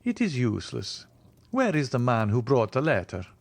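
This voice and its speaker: A man voicing a cool, commanding aristocratic nobleman in an audiobook reading, speaking in a calm, measured, authoritative way. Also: mid-range voice, gravelly, dry recording, heavily acted. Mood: composed.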